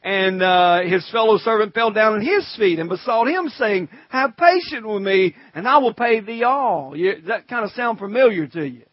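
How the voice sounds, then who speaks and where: A pastor preaching a sermon in a conversational way, calling out to the congregation and reading scripture in old-fashioned wording. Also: male voice, high-pitched, lively intonation, normal speed, hardly any pauses, dry recording, highs cut off.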